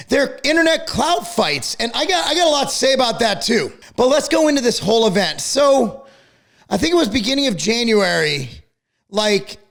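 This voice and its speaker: A middle-aged man ranting to camera about a feud, angry, profane and worked up to the point of yelling. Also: very high-pitched, vocal fry. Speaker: fitness company owner and channel host.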